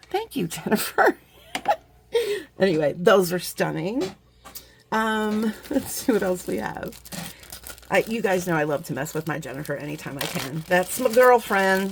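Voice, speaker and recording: A middle-aged woman chatting casually as she unboxes beading supplies, rambling, warm-hearted and quick to get emotional. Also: mid-range voice, slight background noise. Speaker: beading vlogger.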